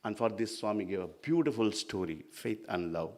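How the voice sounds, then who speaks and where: A man's voice: lowish voice, expressive, moderate pace, a little mellow. A man giving an earnest devotional talk, explaining with emphasis and stories. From India. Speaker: spiritual speaker.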